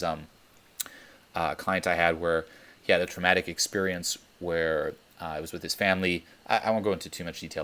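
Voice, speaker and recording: A young man with a notably deep voice speaks on a coaching teleconference. He talks bluntly and emphatically, swearing freely as he drives his points home. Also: a bit bright. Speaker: dating coach.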